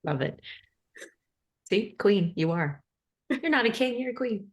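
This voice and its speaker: A woman's voice: mid-range voice, lively intonation, measured pace. A woman from Canada hosting a podcast interview, bubbly, effusive and playful. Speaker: podcast host. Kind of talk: casual interview chat.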